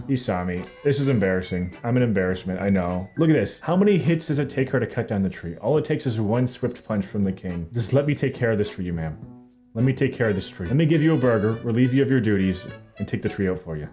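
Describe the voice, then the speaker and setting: A man's voice: fairly low pitch, lively intonation, quick pace, dark tone, faint music behind. A young man from Canada giving jokey, self-mocking live commentary while streaming a video game.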